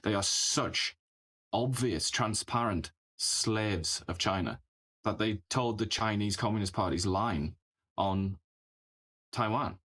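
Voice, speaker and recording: A man's voice: on the low side, slow pace, fairly bright tone. A man co-hosting a political talk show, speaking scornfully and sarcastically in casual chat. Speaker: co-host.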